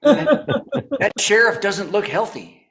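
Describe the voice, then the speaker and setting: A man's voice: high voice, very animated, slow, fairly bright tone. A man hosting a comedy show over a video call, telling topical jokes and chuckling at his own punchlines. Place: home apartment.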